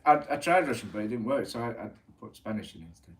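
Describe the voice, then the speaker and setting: A man's voice: on the low side, lively intonation, quick pace, low-quality recording. Playful man reading a haiku. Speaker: workshop participant. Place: library room with a group.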